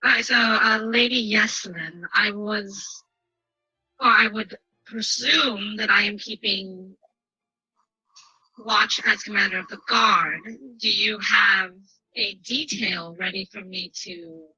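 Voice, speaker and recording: Bright, husky-voiced woman player. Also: medium pitch, fairly even intonation, takes it slowly, no room sound, highs cut off. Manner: hesitant, asks questions out of character. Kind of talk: tabletop role-play over voice chat. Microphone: online voice call.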